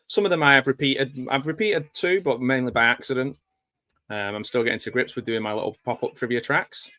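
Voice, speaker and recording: A man delivers casual, joking live commentary over a film, chatty and wry with dry jokes and plenty of fillers. His mid-range voice is brisk and sharp, with no echo.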